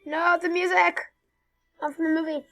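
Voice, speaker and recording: A woman's voice: extremely high pitch, flat delivery, moderate pace, fairly bright tone, faint music behind. A young woman hosting a gameplay video, chatting and joking dramatically about what happens in the game. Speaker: gaming video host. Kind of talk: casual gameplay commentary.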